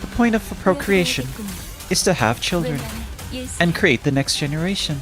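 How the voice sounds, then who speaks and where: A man voicing a calm, aloof young woman who reasons in a flat, formal, matter-of-fact way. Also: on the high side, moderate pace, over music, natural voice. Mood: deadpan.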